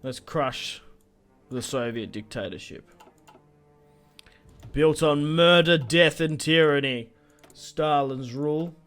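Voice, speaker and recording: A man's voice: on the high side, slow, pauses often, a bit bright, faint music behind. A young adult man giving casual, joking gameplay commentary, rambling and swearing as he plays. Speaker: gaming video host.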